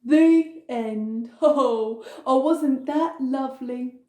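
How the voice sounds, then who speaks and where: A woman puppeteer narrating a children's story in an animated, expressive way. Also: high voice, very slow.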